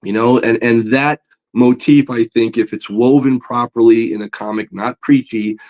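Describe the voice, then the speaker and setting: A man with a middle-range voice speaks as a podcast guest, spinning a story in a loose, conversational way. He fills his speech with casual asides, and his voice rises as he gets excited. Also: mid-range voice, normal speed, poor audio. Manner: animated storyteller, voice climbs when excited; conversational, many fillers like "you know". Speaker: comic book artist guest.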